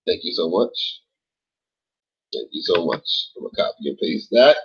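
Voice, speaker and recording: A man's voice: sits low, big pitch swings, normal speed, fairly bright tone, breathy edge, highs cut off. A man hosting a late-night casual livestream, chatting with viewers in a laid-back, rambling way, swearing often and filling his talk with "like" and "yo.". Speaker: livestream host reading chat.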